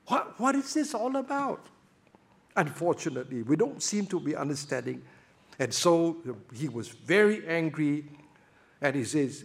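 A man's voice: high voice, very animated, normal speed, a bit bright. A man preaching a sermon, emphatic, full of rhetorical questions and repeated words.

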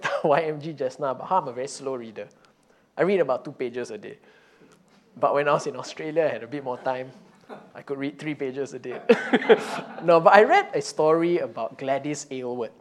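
A man with a fairly high voice preaches to his congregation in a loose, conversational way. He tells a story, peppering it with "you know" and stopping to restart his sentences. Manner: relaxed, frequent "you know" fillers and restarts. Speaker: pastor.

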